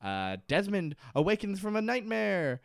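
A man's voice: high-pitched, big pitch swings, a little slow, gravelly, clean tone, dry recording, studio quality. A man co-hosting a podcast, casually recapping a TV episode and joking, slipping into silly voices to act out scenes. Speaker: podcast co-host. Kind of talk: casual comedic recap chat.

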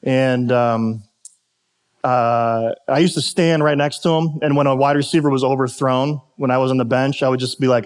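A man's voice: mid-range voice, fairly even intonation, moderate pace, smooth. A pastor telling a personal football story in a sermon, and he acts out his coaches when he quotes them.

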